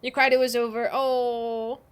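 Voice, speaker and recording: A woman's voice: fairly high pitch, flat delivery, a little slow, clear, resonant tone. A young woman streaming a game, chatting bubbly and giggly with her viewers. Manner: bubbly, giggly, greets chat warmly. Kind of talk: casual livestream chat.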